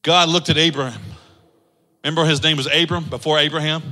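Bright-voiced high male preacher. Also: fairly even intonation, big-room sound. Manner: preaching in rapid-fire rhetorical questions, rising to sing-song emphasis. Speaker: pastor. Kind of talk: sermon.

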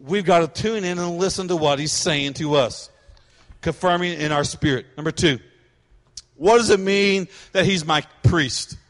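Middle-aged male pastor, sermon, high voice, animated preaching, long echo of a church hall. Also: normal speed. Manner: animated preaching, acting out voices of people he describes.

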